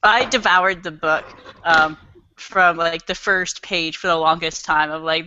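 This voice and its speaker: A woman's voice: on the low side, steady tone, measured pace, bright, forceful tone, highs cut off, a little hiss or hum. A woman in a book club chatting eagerly about a novel, laughing often and acting out lines as she retells them. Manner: enthusiastic, giggly, acts out voices when retelling. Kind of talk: casual chat.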